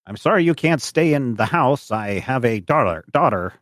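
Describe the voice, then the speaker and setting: A man voicing a thin, suspicious old male farmer in a tabletop game, blunt and gruff. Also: expressive, normal speed, no echo, studio quality, natural voice. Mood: gruffly hospitable. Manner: high strained put-on voice, blunt.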